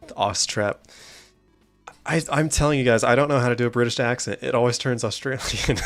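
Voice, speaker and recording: A man's voice: mid-range voice, brisk, faint music behind. A man streaming a horror game, joking with chat and reading story text aloud. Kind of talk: gameplay commentary and story reading.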